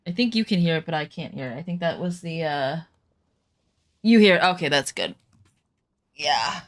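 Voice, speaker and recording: A woman's voice: low-pitched, expressive, normal speed. A woman chatting casually to her viewers while streaming a survival game, rambling with lots of fillers. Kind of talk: casual gaming stream chat.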